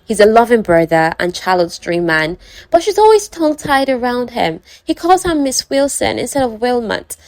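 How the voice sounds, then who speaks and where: A woman's voice: a little high, normal speed, dry recording. Chatty woman retelling a romance novel. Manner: chatty, animated, dramatized. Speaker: book summary vlogger. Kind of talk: casual story retelling.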